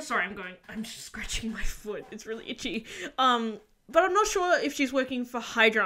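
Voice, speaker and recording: A young woman giving casual reaction commentary on a show, gushing and excitable with frequent gasps and exclamations. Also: a little high. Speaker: video reviewer reacting to a series finale.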